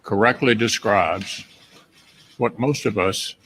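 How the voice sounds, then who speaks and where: An older man, a senator, giving slow, halting remarks to the press. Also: lowish voice, fairly bright tone, slightly rough, rough recording.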